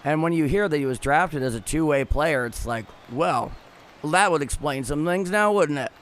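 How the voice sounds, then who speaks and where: A man hosting a baseball livestream, talking in a measured way and reading out chat messages. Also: a little high, a bit bright. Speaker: host of the livestream.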